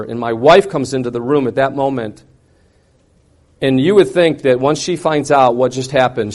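A middle-aged man telling a personal testimony to an audience, swinging from loud, intense outbursts to quiet, hushed reflection. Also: medium pitch. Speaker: speaker sharing a personal testimony. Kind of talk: dramatic personal storytelling to an audience.

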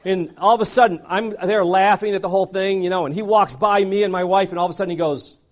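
A man telling a personal story in a sermon, dramatic and animated, acting out scenes with frequent asides. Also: sits high, quick pace.

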